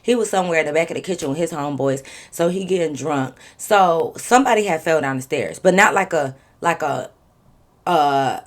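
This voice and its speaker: Lively young woman telling a profane story. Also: low-pitched, a little fast. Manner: animated, slangy and profane storytelling. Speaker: vlogger. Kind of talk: storytime vlog.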